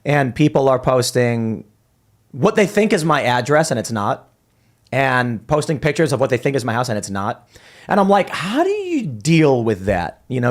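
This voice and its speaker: Male livestream host, casual, rambling storyteller, mid-pitched. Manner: rambling, storytelling with many restarts and fillers. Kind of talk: casual chat.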